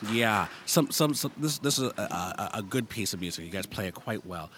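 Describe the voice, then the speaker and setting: A man's voice: on the low side, animated, normal speed, background noise. A man adjudicating a school band over a microphone, giving frank, specific feedback and singing rhythms aloud to show what he wants. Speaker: music festival adjudicator. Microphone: handheld microphone.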